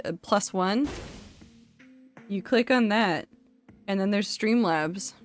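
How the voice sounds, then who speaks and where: Woman streaming a game, just rambling and joking at chat, mid-pitch voice, a little music under it. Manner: rambling, playful, self-mocking. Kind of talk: casual chat while gaming.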